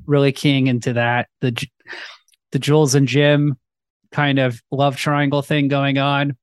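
A man's voice: medium pitch, little pitch movement, unhurried, clear, resonant tone, dry recording. A young man co-hosting a casual movie review chat, rambling with lots of fillers and film references. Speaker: podcast co-host.

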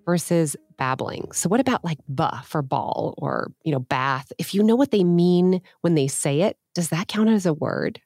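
A woman's voice: fairly low pitch, expressive, normal speed, few pauses, darkish tone, no echo, clean studio sound. A woman hosting a parenting chat, asking questions and summing up what her guests say. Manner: asks questions, sums up guests' points. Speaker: podcast host. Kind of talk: casual chat.

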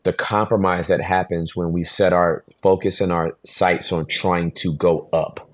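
Brief: man in his forties, very low voice, dry close sound, animated podcast storyteller. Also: a little slow, no echo. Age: 40s. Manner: animated storyteller, acts out voices, laughs often. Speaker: pastor, podcast guest.

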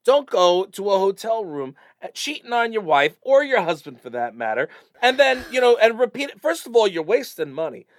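A middle-aged man with an East Coast American accent co-hosting a podcast, chatting in a rambling, animated way with frequent fillers. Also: high voice, moderate pace, dry recording, studio quality. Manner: rambling, animated, swears casually. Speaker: podcast co-host. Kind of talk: casual chat.

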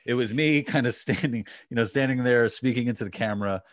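A man's voice: mid-range voice, quick pace, dry recording, clean studio sound. A man hosting a podcast, telling a story in casual chat with many restarts and fillers. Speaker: podcast host.

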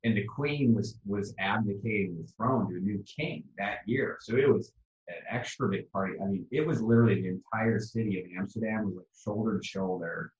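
A man talking as a guest in a casual chat, telling stories in a relaxed way. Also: on the low side, a little fast, echoey room, highs cut off.

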